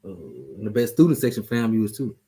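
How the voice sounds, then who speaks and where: A man's voice: fairly low pitch, very animated, fairly quick, warm tone. A man hosting a casual sports chat show, talking loosely, joking and trash-talking. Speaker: show host.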